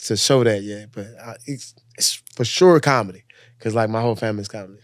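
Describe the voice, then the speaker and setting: A man from Louisiana talks as a guest in a kitchen. His voice sits low and he rambles in a relaxed, easygoing way, with plenty of laughs and fillers. The sound is close and dry. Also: fairly quick, no room sound. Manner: relaxed, loose, laughs a lot, trails off into fillers. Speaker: guest comedian and entrepreneur. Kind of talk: casual chat.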